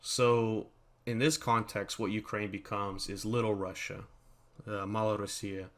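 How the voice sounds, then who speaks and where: A man's voice: fairly low pitch, level tone, measured pace. A man hosting his channel, talking through a history topic in a loose, unscripted monologue with many fillers and restarts. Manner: rambling, with frequent fillers and restarts. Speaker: channel host.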